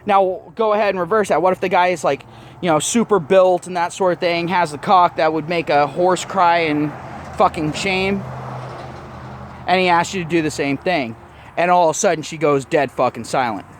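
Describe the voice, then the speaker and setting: A man's voice: high voice, moderate pace, slight background noise. A man telling a story in a blunt, profane, mocking rant to his vlog audience. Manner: blunt, swears constantly, mocking retelling. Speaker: vlogger.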